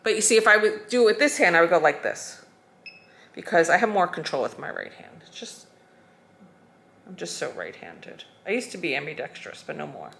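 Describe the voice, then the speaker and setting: A woman teaching a skincare routine, calmly talking through each step as she demonstrates it. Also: lowish voice, brisk, gravelly, a little hiss or hum. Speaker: skincare instructor.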